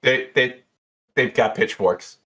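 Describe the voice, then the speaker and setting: A man's voice: medium pitch, pushed and bright, pitched above the performer's own voice. A man voicing a frazzled woman bartender who gushes and chatters on the phone. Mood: flustered. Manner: gushing, flustered, fast chatter.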